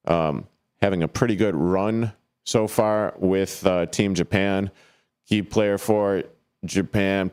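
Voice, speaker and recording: Alone in a studio, a man hosts a live sports radio show in a slightly mellow, smooth voice. He rambles and jokes with plenty of fillers, breaking into sudden high yelps of players' names.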